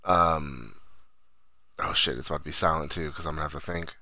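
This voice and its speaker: A man's voice: rumbling low, a little fast, sharp tone, no room sound, studio quality. A man co-hosting a casual movie review podcast, laid-back and questioning, swearing casually. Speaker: podcast co-host.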